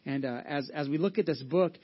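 Fast-talking male pastor, lo-fi audio. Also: on the high side. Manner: energetic, conversational, frequent restarts. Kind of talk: sermon. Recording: dull lo-fi sermon audio.

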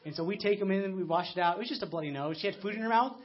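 A man's voice: high-pitched, racing, a crowd in the background. A man in his thirties preaching a conversational sermon, telling stories with frequent restarts, recorded with a muffled lo-fi sound. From United States. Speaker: pastor.

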